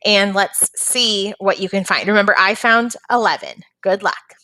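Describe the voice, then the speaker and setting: A woman's voice: medium pitch, normal speed, sharp tone. A woman teacher patiently walking young students through a phonics and reading lesson, step by step.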